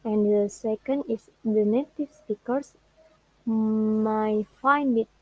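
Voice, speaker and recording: Speaking in a fairly high voice, a young female student, Indonesian by first language, presents her findings on English word stress to the class. She goes slowly and falteringly, lengthening each example word. The audio sounds like a phone, with no room sound.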